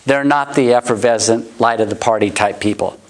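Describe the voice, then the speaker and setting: A middle-aged man giving a sales training talk, acting out customer quotes in high voices. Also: a little fast, low-quality recording. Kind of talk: motivational sales talk to a live audience. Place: warm indoor room.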